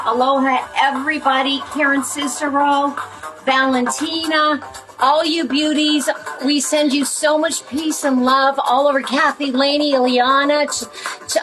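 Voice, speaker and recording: A woman hosting a wellness session, giving a playful, rambling closing talk full of fillers and sudden mock shouts. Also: sits high, low-quality recording. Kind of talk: chatty closing talk to an audience. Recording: music playing behind.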